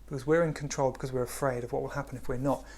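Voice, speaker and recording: A man giving a spiritual talk in a gentle, unhurried way, often dropping to a hush. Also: medium pitch, steady tone, slightly rough. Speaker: spiritual teacher.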